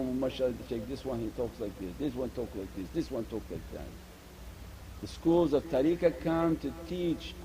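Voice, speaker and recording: A man's voice: mid-range voice, low-quality recording. A man giving an earnest Sufi sermon, repeating his points and mixing Arabic religious terms into English. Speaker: Sufi teacher.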